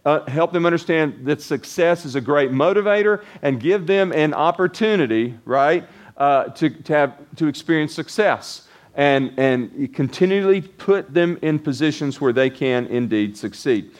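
A man's voice: on the high side, lively intonation, normal speed. Middle-aged male pastor, casual sermon delivery, rambling with restarts and frequent asides to the congregation. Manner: conversational, rambling with restarts and tag questions.

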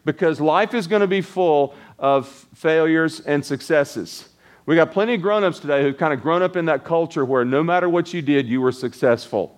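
A man's voice: a little high, normal speed. A middle-aged man preaching a sermon as pastor, talking in a loose conversational way with restarts and frequent tag questions.

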